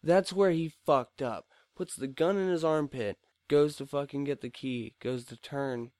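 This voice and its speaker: A young man with a slightly high voice trades blunt, profane jokes while recapping a film. The sound is dry and close. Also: a little slow, darkish tone, no room sound. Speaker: podcast co-host. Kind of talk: casual chat, movie review.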